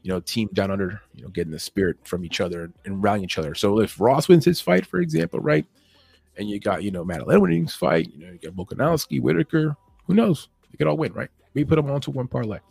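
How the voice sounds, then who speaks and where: Speaking in a fairly low, animated voice that's creaky, slightly rough, and darkish, with no room sound, an MMA betting analyst loosely breaks down fight betting lines podcast-style. He rushes along, restarts sentences a lot, and laughs at his own points.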